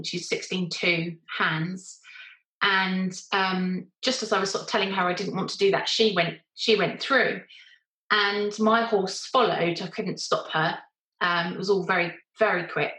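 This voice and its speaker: A woman's voice: mid-range voice, pushed and bright, reverberant, poor audio. A woman telling a personal story in a casual, wry, self-mocking way, with short laughs between lines. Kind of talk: personal anecdote told casually.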